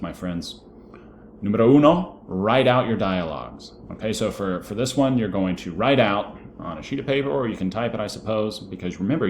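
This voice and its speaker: A man with a deep, low voice teaches a recorded lesson to his students. He is friendly and encouraging and walks them through vocabulary aloud. There is a faint hiss of noise behind him. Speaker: Spanish teacher.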